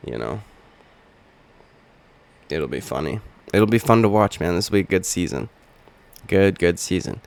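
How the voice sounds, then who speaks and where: Hoarse young dude with a deep voice, rambling and cussing through a reaction vlog. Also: male voice, expressive, moderate pace, pauses often, darkish tone. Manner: rambling, profane, wisecracking. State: hoarse from just waking up. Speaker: channel host.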